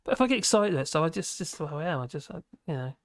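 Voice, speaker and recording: A chatty host talks through viewer comments on a livestream, wandering off track and restarting sentences. The voice sits at a middle pitch. It is recorded close and dry, with no room sound. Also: very animated, very fast, dry recording. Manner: rambling, chatty, full of restarts and fillers; laughs often between remarks. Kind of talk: casual livestream chat, reading viewer comments.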